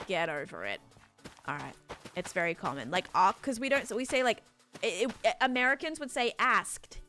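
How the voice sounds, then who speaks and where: A woman's voice: mid-range voice, lively intonation, a little fast, a bit bright. Australian woman, game streamer, rambling casual chat with viewers, faint music behind. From Australia, Sydney. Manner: chatty, rambling, reads out and answers chat.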